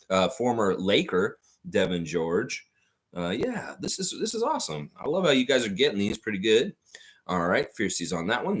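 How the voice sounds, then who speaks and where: A man's voice: mid-range voice, a bit bright. A man hosting a casual live trivia stream, reading out viewer guesses and chatting between questions with frequent laughs. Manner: chatty, reads out viewer answers, laughs often. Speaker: trivia quiz host. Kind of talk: casual livestream quiz hosting.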